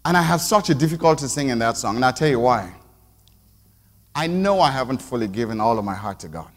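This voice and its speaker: A man preaching a sermon to his congregation, moving from quiet reflection to emphatic call-and-response. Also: medium pitch, animated, brisk, in a large hall. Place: church sanctuary.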